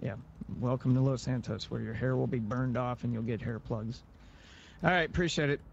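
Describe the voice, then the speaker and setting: A man's voice: medium pitch, normal speed, gravelly, muffled recording, slight background noise. A man in a video-game role-play, telling a rambling story and acting out both sides of its quoted dialogue.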